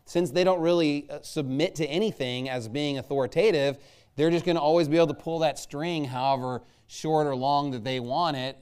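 A man preaching a conversational sermon, emphatic, punching his points and tagging them with "okay?" and "all right?". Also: clear, resonant tone. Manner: lively, jumps between loud stresses and low asides.

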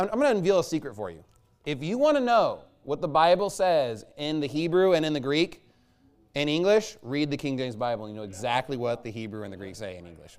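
A man preaching a conversational sermon, emphatic, punching his points and tagging them with "okay?" and "all right?". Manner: lively, jumps between loud stresses and low asides.

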